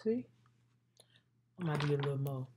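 A woman's voice: deep voice, lively intonation, moderate pace, background noise. A woman vlogging her makeup routine in a playful, chatty way, talking straight to her viewers. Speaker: beauty vlogger. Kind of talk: casual makeup tutorial chat.

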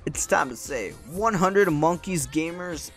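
A young man hosting his gaming channel, giving excited gameplay commentary, yelping, laughing and repeating words as he plays. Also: a little high, a little slow. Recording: faint game music behind.

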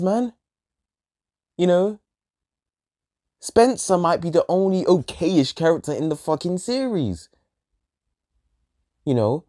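A man's voice: high voice, lively intonation, normal speed, long pauses, darkish tone. A man ranting in a show review, exasperated and profane, repeating himself and trailing off in sighs. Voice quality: exasperated, sweary, repetitive.

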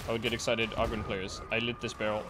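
A man's voice: fairly low pitch, little pitch movement, fast, over music. A man in casual gaming chat, rambling and restarting his sentences as he explains his views. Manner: rambling, many restarts and fillers. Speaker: streamer and player.

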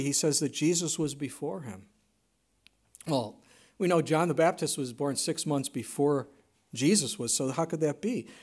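Delivering a sermon as pastor, a man with a high-pitched voice alternates between forceful, loud statements and quiet lines close to a whisper.

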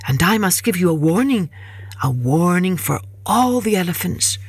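A woman's voice: fairly low pitch, sing-song, normal speed, breathy edge. A woman voicing a clever, confident male hare king in a children's story, speaking in a persuasive, knowing way. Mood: sly.

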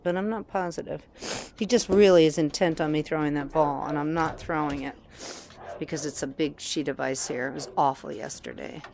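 A woman's voice: low voice, steady tone, normal speed, a little mellow, slight background noise. A woman outdoors on a deck, talking fondly to her dog in a casual home video, with asides to the camera. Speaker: dog owner filming her pet. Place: outdoors on a deck in icy weather.

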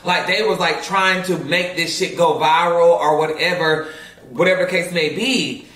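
High, bright man telling a wild story. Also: moderate pace. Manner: excitable, laughing, swearing, mimicking others. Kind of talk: animated storytelling. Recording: echoey room, mic far off.

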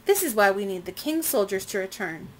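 A woman reading the lines of a pompous, well-fed colonial gentleman who speaks impatiently. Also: mid-range voice, very animated, fairly quick, a little hiss or hum, lightly acted. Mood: disapproving.

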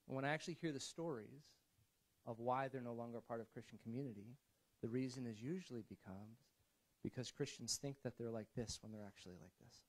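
A male pastor delivering a sermon in a church, with a voice of ordinary middle pitch. He talks in a loose, conversational way, restarting his sentences often. He drops to quiet asides and then rises to emphatic points. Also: brisk, poor audio.

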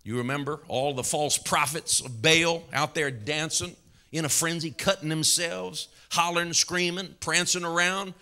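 A man's voice: a little high, steady tone, normal speed, pushed and bright. A male pastor preaching a fervent sermon in church, calling out hallelujahs and laughing between points.

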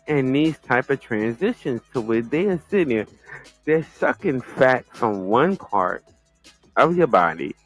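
A man hosting a talk show, reacting to a news story in casual commentary, halting and repeating himself as he exclaims. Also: mid-range voice, fairly bright tone. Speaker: podcast host.

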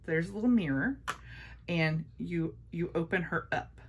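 A woman's voice: on the low side, measured pace, darkish tone, husky. A woman chatting casually through a makeup haul, gushing and repeating her praise. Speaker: beauty vlogger.

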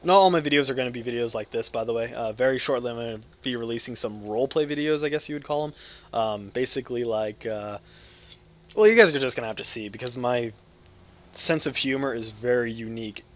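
Loud rambling crude young man. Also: medium pitch, fast. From United States. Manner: loud, jokey, crude, swings between yelling and mumbling. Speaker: gaming video creator. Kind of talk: rambling live gameplay commentary.

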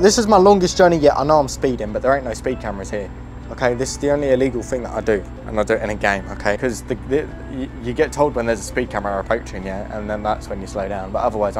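A young man with a British accent chatting casually over his driving game, excitable and prone to yelps and swearing. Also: medium pitch. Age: young adult. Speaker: gaming YouTuber. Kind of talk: casual gameplay commentary.

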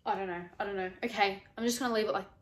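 Talking fast in a medium-pitched, steady-toned voice, a young woman records a casual vlog in a room at home. She is sweating and nervous, exclaiming anxiously and swearing, and the audio sounds roomy.

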